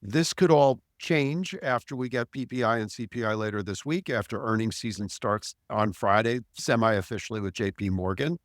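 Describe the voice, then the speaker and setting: A man's voice: lowish voice, moderate pace, few pauses, no room sound, studio quality. A man speaking as a market strategist on a podcast, blunt and wry, with frequent restarts. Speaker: chief strategist.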